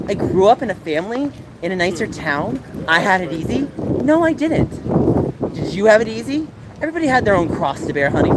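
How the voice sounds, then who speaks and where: A man livestreaming while walking city streets, talking passionately and ranting to his chat, with a sore throat and coughs. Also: sits high. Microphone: handheld game console mic. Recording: loud wind noise on a handheld device.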